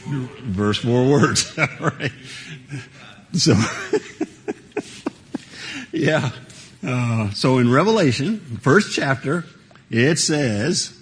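A man's voice: medium pitch, slow pace, long pauses, a bit bright, slight background noise. A man teaching a Bible study to a small group, talking conversationally with frequent fillers and laughs and asking the group questions.

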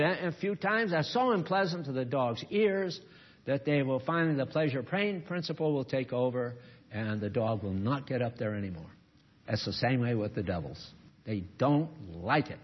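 An older man preaching a folksy sermon, chuckling often and acting out quotes with a shouted rebuke. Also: mid-range voice, husky, highs cut off.

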